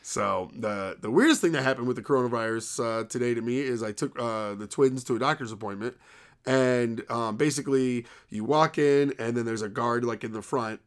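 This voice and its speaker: A man in his thirties from the New York area co-hosts a podcast, speaking clearly in a resonant mid-range voice at a moderate pace. He tells stories in a rambling, casual way, with lots of "like" and quoted dialogue.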